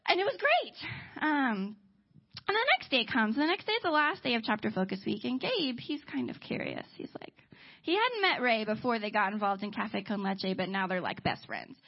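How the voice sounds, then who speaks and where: A woman's voice: fairly high pitch, very animated, normal speed, vocal fry, dull audio. A young woman on a campus ministry staff, telling a personal testimony story in a chatty way, full of "like". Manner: chatty, heavy use of "like".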